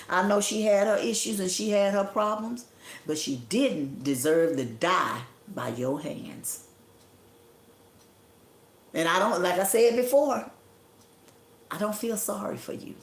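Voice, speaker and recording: A woman's voice: on the low side, animated, measured pace, a bit bright, reverberant. Grieving woman, impassioned and scolding. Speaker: livestream host. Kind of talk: emotional livestream monologue. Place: indoor room at home.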